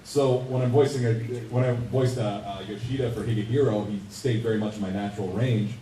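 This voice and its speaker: Halting man on a convention panel. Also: on the low side, fairly even intonation, dark tone, slight background noise. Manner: halting, repeats words. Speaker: voice actor panelist. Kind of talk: casual panel talk. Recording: echoey room, distant mic.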